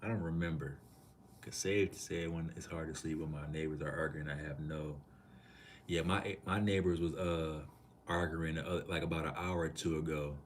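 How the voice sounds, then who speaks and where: A very deep, low-pitched man from Minneapolis talks loosely and casually on a live stream. He reads out comments from chat and answers them in relaxed slang. A faint hum of noise sits behind his voice. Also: normal speed.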